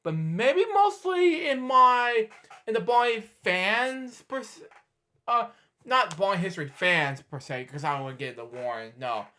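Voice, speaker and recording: A man's voice: very high voice, pushed and bright. A man in his twenties, hosting a reaction video, rambling in casual commentary and muttering to himself while he searches. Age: 20s.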